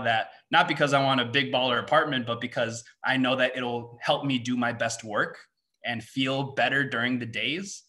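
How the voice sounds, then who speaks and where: Pushed and bright at a medium pitch, this young man's voice carries a motivational seminar for students. He works as a seminar speaker and mindset coach, shooting out rhetorical questions rapidly and finishing points with "right?" again and again.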